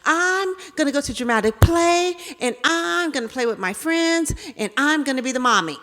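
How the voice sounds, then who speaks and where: Bossy tiny preschool girl, high and whiny, as a grown woman puts her on, hall echo. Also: animated, normal speed, fairly bright tone. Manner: whiny, demanding. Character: bossy little four-year-old girl. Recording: reverberant hall.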